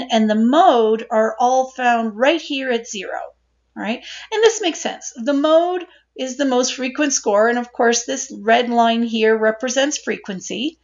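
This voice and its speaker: A woman instructor giving a recorded statistics lecture, explaining step by step and checking in with "right?" as she goes. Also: on the high side. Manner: explanatory, asks "right?" and repeats points. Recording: dull lo-fi recording.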